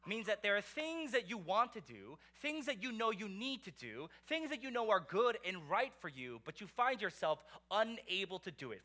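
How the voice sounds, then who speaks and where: Male pastor preaching, super lively swoopy delivery, bright voice, chatty w/ rhetorical questions. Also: sits high. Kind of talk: sermon.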